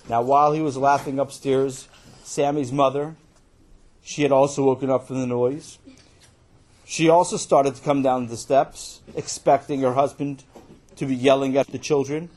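A man telling a children's story in an animated, playful way, with casual asides. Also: mid-range voice, normal speed.

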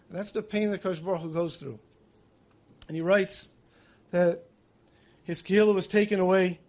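A man with a high voice preaches in a vivid storytelling way. He recounts dramatic events with feeling and slips into the voices he quotes. His delivery swings from loud emphasis to hushed moments.

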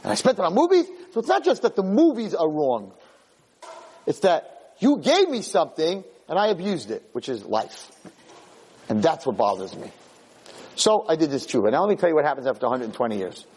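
A man who lectures on Jewish themes, delivering an animated, dramatic storytelling sermon. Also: on the high side, a little fast, breathy edge, low-quality recording.

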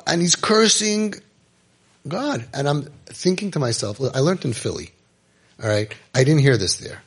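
A middle-aged man telling a story and giving advice, emphatic, repeating phrases and dropping to quiet intensity. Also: a little high, slightly rough. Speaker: rabbi giving parenting advice. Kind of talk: impassioned storytelling talk.

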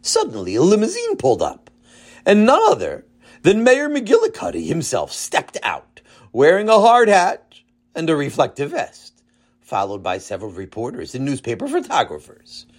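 Storyteller, children's story narration, husky, very lively pitch. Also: normal speed.

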